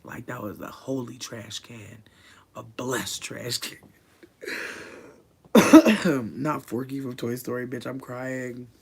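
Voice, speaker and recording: Chatting casually from a room at home, a livestreamer rambles and swears, swinging between quiet mutters and loud bursts. The voice is medium-pitched with vocal fry and a breathy edge.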